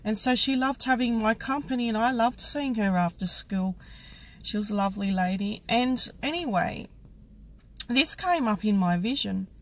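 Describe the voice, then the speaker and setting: A woman psychic medium telling a personal story to camera, reflective and halting, with many restarts. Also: a little high, expressive, low-quality recording.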